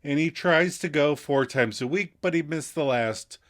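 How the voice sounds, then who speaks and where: A man's voice: fairly high pitch, normal speed. A man co-hosting a podcast, recapping a TV episode in casual chat, laughing often and adding wry asides. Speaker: podcast co-host.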